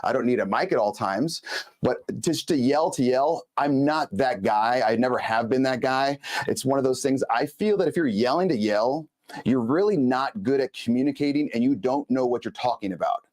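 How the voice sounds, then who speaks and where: A man hosting a live show, talking straight to his viewers in a chatty, emphatic way. His pitch sits in the middle for a man. He leans on words for emphasis and keeps an easy, talkative flow. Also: moderate pace, a little mellow. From Los Angeles. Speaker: host.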